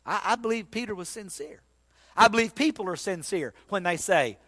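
A man preaching a sermon, telling the story in an animated, folksy way with sudden loud bursts. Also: high-pitched, brisk. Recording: long hall reverb.

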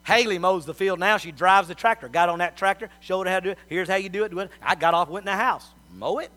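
A middle-aged man delivers a sermon in a high, bright voice. He talks in a folksy, storytelling way, dropping to soft asides and rising to loud appeals to the congregation. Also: quick pace. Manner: folksy storytelling with big swings in loudness. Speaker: preacher.

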